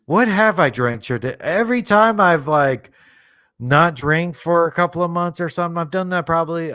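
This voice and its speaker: A man's voice: medium pitch, fairly bright tone, smooth, dry recording, clean studio sound. A man casually commenting on a movie as a streamer, laid-back and rambling, thinking aloud with lots of fillers. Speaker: streamer hosting a movie watchalong.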